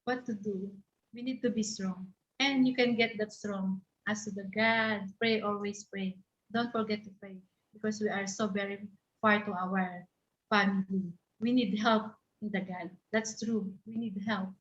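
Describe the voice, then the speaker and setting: A woman from the Philippines, a caregiver sharing her experience in halting, repetitive English. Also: mid-range voice, fairly even intonation, echoey room, muffled recording. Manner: halting, repetitive, searching for words. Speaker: caregiver and panel guest. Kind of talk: personal testimony in a discussion.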